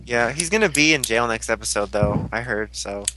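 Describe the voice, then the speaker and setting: A man's voice: mid-range voice, lively intonation, sharp tone, low-quality recording. A man in a casual chat, guessing what comes next and laughing easily. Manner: chatty, speculative, quick to laugh. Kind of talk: casual chat about a TV show.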